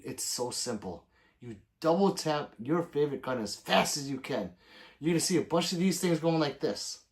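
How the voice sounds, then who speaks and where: A man hosting a livestream, reading viewer comments aloud in loose, profane casual chat and plugging subscriptions. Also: on the high side. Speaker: livestream host.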